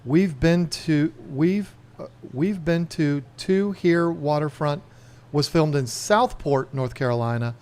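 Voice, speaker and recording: A man's voice: a little high, slow, darkish tone. A man hosting a casual livestream, chatting and rambling to the camera and his chat. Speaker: livestream host.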